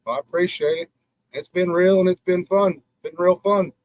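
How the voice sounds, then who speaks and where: A man's voice: high voice, steady tone, normal speed, darkish tone, no echo, poor audio. A man dropping into a live stream as a guest, easygoing, with short replies.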